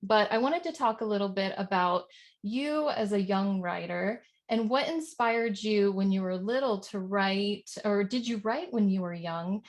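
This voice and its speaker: A woman with an average-pitched voice hosts a relaxed interview. She asks chatty, friendly questions and fills them with small asides. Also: measured pace. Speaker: interview host. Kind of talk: casual interview chat.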